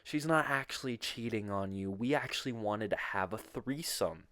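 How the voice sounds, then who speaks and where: A man's voice: fairly low pitch, normal speed, fairly bright tone, no room sound, clean studio sound, lightly acted. A man voicing a persuasive, coaxing young woman in a retold story.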